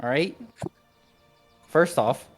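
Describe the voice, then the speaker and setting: A man's voice: medium pitch, drawn-out words, faint music behind. A man voicing a hairy, friendly male bugbear, a runaway gladiator, in a folksy Canadian accent who keeps saying "bud" and "don't you know".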